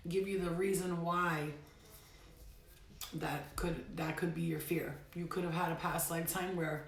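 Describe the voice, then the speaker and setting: A woman's voice: lowish voice, steady tone, a little slow, reverberant, slight background noise. A woman giving a casual spiritual reading at home, talking bluntly and emphatically and swearing now and then. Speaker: tarot reader. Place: bedroom at home.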